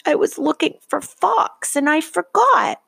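A woman's voice: sits high, animated, measured pace, vocal fry, fairly bright tone, no echo, pitched above the performer's own voice, heavily acted. A woman doing Franklin, a timid little boy turtle. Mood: sniffling. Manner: small timid voice. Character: small frightened young boy turtle. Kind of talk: storybook read-aloud.

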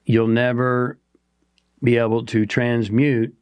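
A man's voice: mid-range voice, flat delivery, slow, a little mellow, smooth, no room sound. A man co-hosting a motivational talk show, speaking earnestly and asking the listener rhetorical questions. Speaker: podcast co-host.

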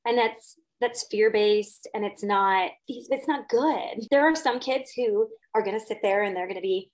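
A woman's voice: mid-range voice, unhurried, rough recording. A middle-aged woman, a teacher and guest, talking in an earnest, reflective way with frequent restarts in casual conversation.

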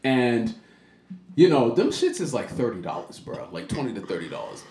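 Male podcast host, animated storyteller, roomy echoey sound. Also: normal speed. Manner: animated, swings into high-pitched voices for quoted people. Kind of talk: casual storytelling chat. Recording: roomy echo.

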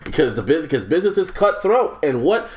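A man in a casual podcast argument whose pitch leaps up and down as he drives his points home. He talks loosely, with plenty of swearing. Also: brisk, slight background noise. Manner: animated, emphatic, swears freely. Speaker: podcast co-host. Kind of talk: casual debate among friends.

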